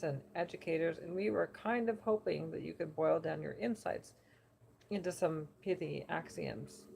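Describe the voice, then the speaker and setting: A woman's voice: fairly low pitch, vocal fry, darkish tone, a little hiss or hum, poor audio. A woman doing an eager, practical male writer. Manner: explanatory, hopeful.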